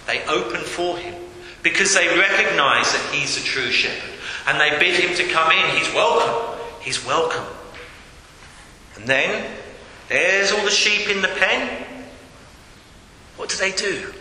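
A man's voice: a little high, animated, slow pace, pauses often, pushed and bright, slight background noise. A man preaching an earnest sermon, rising into calls and appeals, in a church hall. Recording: echoey hall with long reverb.

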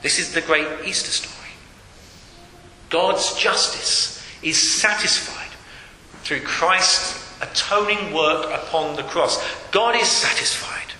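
A man's voice: a little high, slow pace, pushed and bright. A man preaching a sermon, emphatic and repeating his key phrases, recorded in a church hall. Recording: echoey hall with long reverb, faint noise.

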